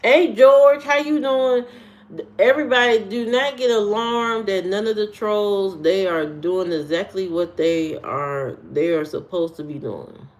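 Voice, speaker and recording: Brief: woman streamer, sassy and unhurried, talks back at trolls in chat. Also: medium pitch, darkish tone. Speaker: live streamer. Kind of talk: casual live-stream chat answering comments.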